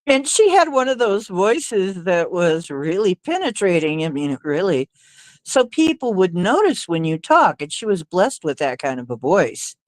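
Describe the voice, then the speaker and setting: This livestream host has a fairly low voice and is very animated, talking at normal speed as she rambles through stories with hesitations, many fillers and little laughs in a casual chat. The audio is poor but without echo.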